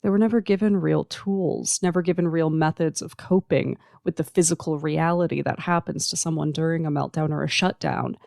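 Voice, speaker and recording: Solo podcast host, earnest and emphatic, gravelly fry in the voice, dry close sound, measured lists. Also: mid-range voice, steady tone, a little mellow, no room sound. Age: adult. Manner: earnest, emphatic, listing points in slow measured runs. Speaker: podcast host who works with teens. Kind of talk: reflective solo podcast monologue.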